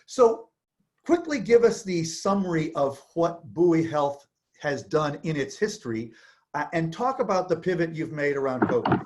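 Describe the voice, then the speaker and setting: A man hosting a conversational interview, introducing his guest and interjecting brisk questions. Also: on the high side, sing-song, darkish tone. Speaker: interview host.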